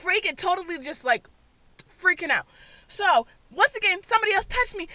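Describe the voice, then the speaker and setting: A woman vlogger telling a story from her car, loud and full of swearing, acting out her own screams. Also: extremely high pitch, animated, moderate pace, very noisy. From Boston area, USA. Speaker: beauty vlogger. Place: parked car.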